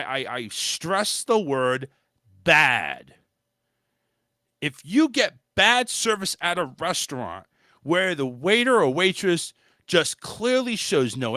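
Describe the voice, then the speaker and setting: A man's voice: on the high side, bright, forceful tone, no echo. A male host giving a blunt, swearing opinion monologue in a casual style, talking into a close mic. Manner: blunt, ranting, swears freely.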